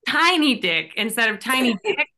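Bright-voiced woman telling stories. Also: a little high, normal speed. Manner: animated storyteller, swears freely. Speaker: cast member on a panel. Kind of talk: casual chat.

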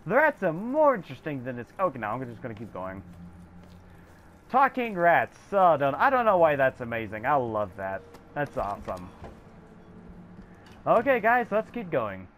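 A young woman commenting on a video game, giggly and excitable, reading in-game text aloud. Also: very deep voice, moderate pace, a little hiss or hum. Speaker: game streamer. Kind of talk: casual gameplay commentary.

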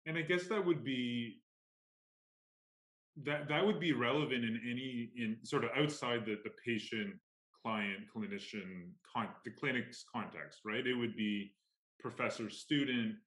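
A man's voice: medium pitch, a little slow, a bit bright, echoey room, rough recording. A man interviewing a guest at a conference, speaking hesitantly with many restarts.

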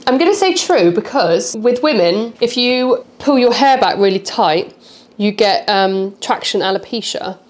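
A woman's voice: mid-range voice, expressive, a little slow. Chatty woman eating on camera. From United Kingdom. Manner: chatty, laughing, talking while eating. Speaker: YouTube host. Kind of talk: casual chat while eating.

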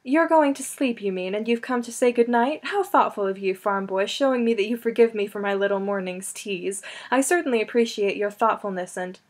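A woman's voice: mid-range voice, a little fast, hardly any pauses, natural voice. A woman voicing a proud seventeen-year-old girl, speaking in a fancy, affected, mocking tone. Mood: defensive.

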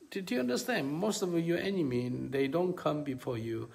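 A man preaching a sermon, his voice gravelly with fry at the bottom. His English is halting and non-native, with plenty of fillers. He swings between quiet low murmurs and sudden high, ringing peaks of emphasis. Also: big pitch swings.

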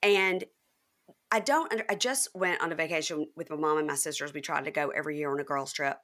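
A woman from Mississippi hosting a podcast, chatting casually and telling stories with lively, high-pitched quoted voices. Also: fast. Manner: animated storyteller, jumps high when acting out quotes. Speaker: podcast host. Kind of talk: casual chat.

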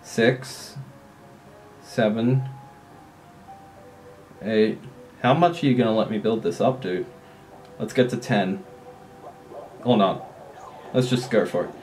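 A man giving casual, excitable commentary while playing a mobile strategy game, often swearing and laughing at his own play. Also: on the low side, slow, long pauses, faint music behind.

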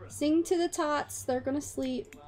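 A woman's voice: sits high, steady tone, darkish tone. A woman giving casual commentary over a life-simulation game, chatty and narrating her moves. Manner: chatty, voices her characters in quick asides. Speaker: gaming channel host.

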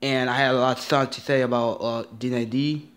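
A man's voice: medium pitch, fairly even intonation, fairly quick. A man ranting in a vlog, upset and rambling, repeating himself and swearing often. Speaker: vlogger.

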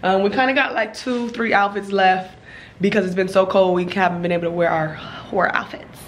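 A woman's voice: mid-range voice, fairly even intonation, a little fast. Young woman vlogger, twenties, hungover, slangy and chatty; faint noise on the track. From Los Angeles. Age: 20s. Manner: chatty, slangy, laughing often. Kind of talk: casual vlog chat. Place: hotel room.

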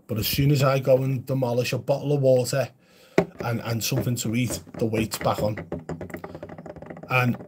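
Blunt husky streamer. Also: male voice, mid-range voice, warm tone. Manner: blunt and chatty, answering viewer comments. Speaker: live streamer. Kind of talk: casual live-stream chat.

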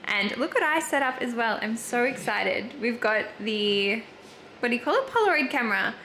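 A woman's voice: a little high, expressive, moderate pace, sharp tone. A young Australian woman chatting casually and upbeat to the camera in a vlog. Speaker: vlogger. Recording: clear background noise.

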